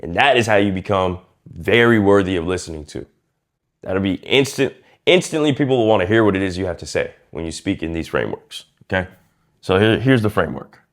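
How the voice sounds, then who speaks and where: A man coaching viewers on speaking, casual and lively, acting out quiet and loud ways of talking and using slang as he goes. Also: low-pitched, a little fast. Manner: lively and demonstrative, acts out quiet and loud speech. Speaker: communication coach. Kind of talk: casual instructional talk to camera.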